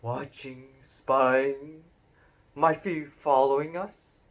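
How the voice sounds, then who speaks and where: A man reading a storybook aloud and voicing a gruff, blustering middle-aged uncle who shouts when angry. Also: on the high side, lively intonation, takes it slowly, voice pushed up.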